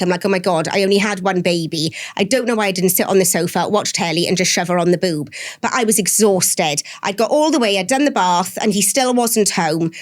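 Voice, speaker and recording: A Welsh woman in her forties, a podcast guest chatting casually and telling candid, lively stories with the odd swear. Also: mid-range voice. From Wales. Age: 40s. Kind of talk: casual interview chat.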